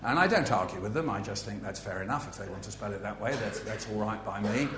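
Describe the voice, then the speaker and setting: A man's voice: on the low side, fast talker, echoey room. A man giving a humorous author talk to a live audience, playful and facetious, full of asides. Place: festival venue with an audience.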